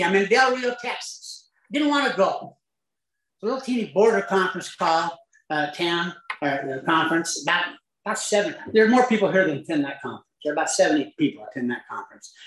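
A man from Utah telling a humorous personal story as a speaker at a recovery meeting, with lively asides and chuckles. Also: high-pitched, roomy sound, rough recording.

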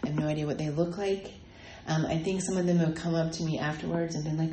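A woman shares her recovery story in a halting way, stopping often for ums and fresh starts. Her voice sits low and warm, and it rings in an echoey room over faint background ambience. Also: little pitch movement, a little hiss or hum. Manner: halting, many ums and restarts. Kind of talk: personal testimony talk.

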